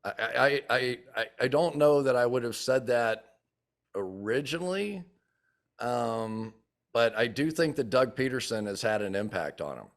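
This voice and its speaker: An older man in his sixties talks football in a relaxed interview. His pitch is middle, and he brings his anecdotes to life by acting out the people in them. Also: a little slow, creaky. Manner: animated storyteller who acts out quotes. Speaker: former football player and TV analyst. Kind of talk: casual interview chat.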